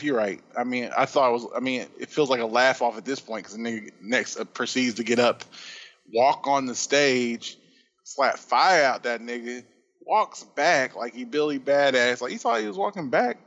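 A man's voice: mid-range voice, normal speed, a bit bright, muffled recording. A man co-hosting a casual podcast chat, telling a story in a rambling, profane way. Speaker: podcast co-host.

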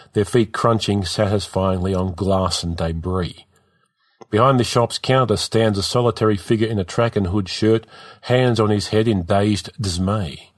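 A man's voice: fairly low pitch, no room sound, studio quality. A man narrating a story in a vivid, rhythmic reading.

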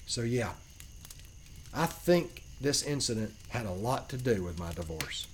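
A man narrating a first-person paranormal story as a podcast host, earnest and emphatic with dramatic pauses. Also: medium pitch, lively intonation, a little hiss or hum.

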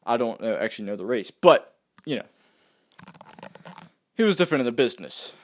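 A man's voice: mid-range voice, very animated, moderate pace. A man delivering a heated, exasperated rant to camera, often repeating himself and restarting his sentences. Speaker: vlogger. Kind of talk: heated ranting monologue.

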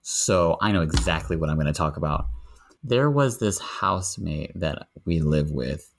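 Man, very low voice, gravelly, casual podcast guest, animated storyteller. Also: normal speed, a little hiss or hum. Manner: animated storytelling, rising pitch when indignant.

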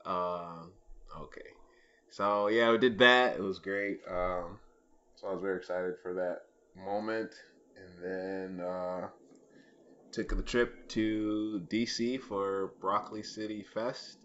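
A man's voice: low voice, fairly even intonation, slow pace, fairly bright tone. A man co-hosting a podcast, telling a story in a rambling casual way with lots of ums and uhs. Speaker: podcast co-host. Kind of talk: casual chat. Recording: muffled lo-fi podcast recording.

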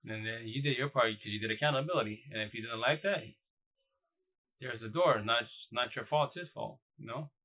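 Brisk, bright and forceful, a medium-pitched man hosts a live stream where he hands out dating advice in blunt, loose slang, frequently starting over. The rough recording comes through a phone or computer mic.

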